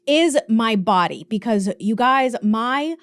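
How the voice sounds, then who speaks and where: A woman in her thirties hosting a podcast, telling a personal story in an animated, jokey, confessional way. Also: fairly high pitch, slow, smooth, no room sound. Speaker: podcast host. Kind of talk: casual storytelling.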